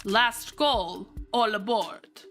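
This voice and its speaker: Woman playing a male oligarch villain, fake Russian accent drifting French, slow drawn-out menace, bright tone. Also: a little high, very animated, faint music behind, heavily acted. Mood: smug. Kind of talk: voice acting a visual novel on stream.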